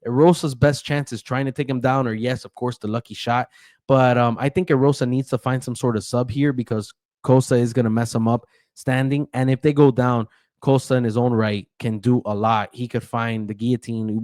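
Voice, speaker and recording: A man rattles through fight odds and picks in a loose, chatty way, filling gaps with ums and tripping over hard names. His pitch sits mid-range for a man. The recording is dry and close, with no room sound. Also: steady tone, fairly quick, a little mellow, dry recording. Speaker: betting analyst host. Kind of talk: casual betting breakdown.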